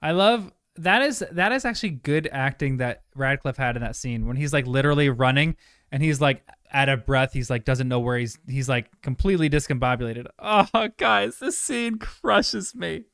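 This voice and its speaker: A man's voice: mid-range voice, animated, fairly quick, clear, resonant tone, no room sound, studio quality. A young man chatting casually and emotionally as he reacts to a movie with his viewers. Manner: emotional, chatty, trails off into soft asides. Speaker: streamer watching a movie with chat. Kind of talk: casual live commentary.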